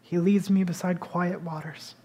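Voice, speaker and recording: A man's voice: sits high, little pitch movement, normal speed, mellow. Man preaching in an easy, conversational way. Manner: conversational preaching with rising emphatic bursts. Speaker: pastor. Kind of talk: sermon.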